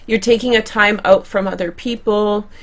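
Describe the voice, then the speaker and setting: Young woman, tarot reader, chatty, conversational, self-correcting, mid-pitched voice. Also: fairly even intonation, normal speed. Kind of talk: tarot card reading to camera.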